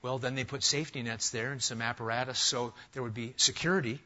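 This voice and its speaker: A man's voice: mid-range voice, quick pace, hardly any pauses. Emphatic preaching man, lo-fi sound. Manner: emphatic preaching, rising to loud declarations. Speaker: pastor. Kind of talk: sermon.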